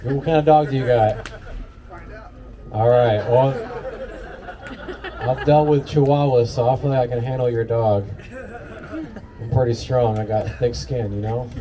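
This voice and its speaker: A man's voice: medium pitch, measured pace, long pauses. A stoned man doing a laid-back stand-up set on an outdoor patio, chatting with the crowd. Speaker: stand-up comedian. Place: outdoor patio comedy show. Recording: distant mic with loud audience.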